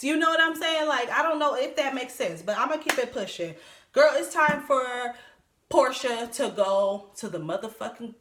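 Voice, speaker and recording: Her voice sits a little high as she chats through the recap, blunt and unfiltered, with plenty of swearing and quick asides. The sound has a noticeable echo, like a bare room. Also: a bit bright. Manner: blunt, profane, chatty, laughs often. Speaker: reality TV recap vlogger. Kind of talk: casual show recap commentary.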